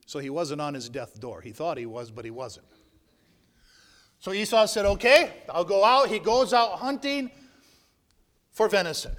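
A man preaching a sermon, retelling a Bible story with lively shifts between loud narration and hushed asides. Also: on the high side, moderate pace, pauses often. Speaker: pastor. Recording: long hall reverb.

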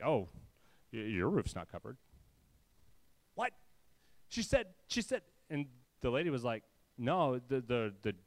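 A man preaching to his church, telling a personal story with animated, humorous quoted voices. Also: medium pitch, dry recording. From California. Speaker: pastor. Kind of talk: sermon storytelling.

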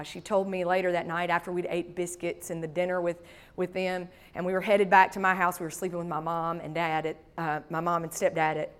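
Woman, pastor, sermon, storytelling, folksy asides, thirties. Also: mid-range voice.

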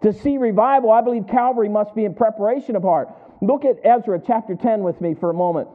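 A man's voice: high voice, quick pace. A man preaching a sermon to his congregation, asking them questions and waiting for answers back. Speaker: pastor. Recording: tinny phone-like sound.

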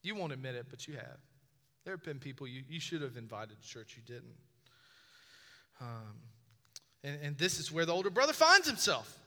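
Bright-voiced male preacher in a reverberant hall. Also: on the high side, sing-song, moderate pace, long pauses. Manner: conversational and joking, asks the audience questions. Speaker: pastor. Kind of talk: sermon. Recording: long reverb of a large hall.

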